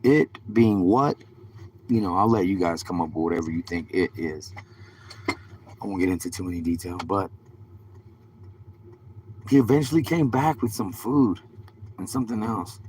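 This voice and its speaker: Deep-voiced man rambling on a live stream. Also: normal speed, long pauses, a little mellow, a little hiss or hum. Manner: rambling, profane, street slang. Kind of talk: casual rambling storytelling.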